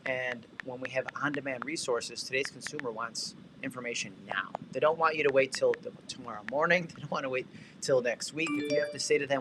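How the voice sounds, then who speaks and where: A man hosting a casual livestream, walking viewers through real estate tech tools with energetic, chatty asides. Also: medium pitch, fairly quick, background noise. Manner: energetic, talkative, shout-outs and asides.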